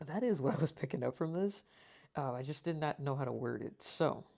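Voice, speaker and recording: A woman with a low, animated, creaky, slightly mellow voice gives her viewers a tarot reading at normal speed. She talks earnestly and emotionally, repeating reassurances as she reads the card descriptions aloud.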